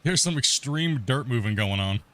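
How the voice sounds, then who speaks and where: A man's voice: medium pitch, lively intonation, moderate pace, a bit bright. A middle-aged man hosting a multiplayer game stream, talking in a laid-back, rambling way with lots of restarts. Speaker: let's play host. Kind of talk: casual gameplay commentary.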